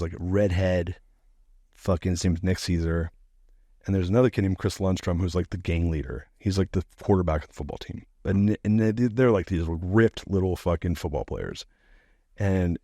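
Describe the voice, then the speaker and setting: Middle-aged man, low mellow voice, swearing. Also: no room sound, studio quality. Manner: profane, animated, laughing storyteller. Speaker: podcast guest. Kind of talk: casual storytelling.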